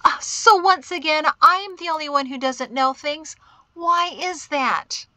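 A woman voicing a spirited, blunt older mother-in-law who talks briskly and exclaims readily, pitched higher than her narration. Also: expressive, bright, forceful tone, no room sound, full character voice. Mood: indignant.

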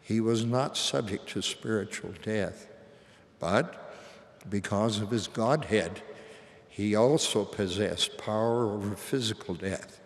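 An older man gives a sermon with slow, solemn reverence and a fairly low voice. His words carry a long reverb from a large hall. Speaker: church leader.

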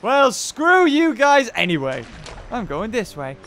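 A woman hosting a let's play, excitable, muttering low then bursting into loud outbursts. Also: measured pace, slight background noise. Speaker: gaming channel host. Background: game music.

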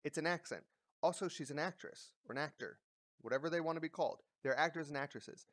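A man's voice: on the high side, quick pace, fairly bright tone, dry recording, clean studio sound. A man giving casual ranting commentary, blunt and profane, with many fillers and restarts. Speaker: commentary vlogger.

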